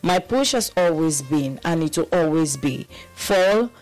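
Nigerian woman co-hosting, low relaxed voice. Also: measured pace, soft background music, low-quality recording. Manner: relaxed, Pidgin-sprinkled banter. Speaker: radio co-host. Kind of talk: casual radio chat.

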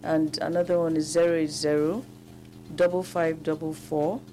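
Low, warm-voiced woman guest. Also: little pitch movement, normal speed, slight background noise. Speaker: guest baker. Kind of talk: radio interview answers.

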